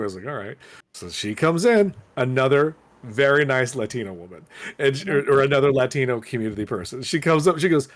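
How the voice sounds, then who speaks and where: A man's voice: medium pitch, fast talker. A man co-hosting a podcast, telling stories from his shop in a casual, swearing way and quoting customers. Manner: animated, swearing, quotes customers in voices. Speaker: podcast co-host, comic shop worker. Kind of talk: casual storytelling chat.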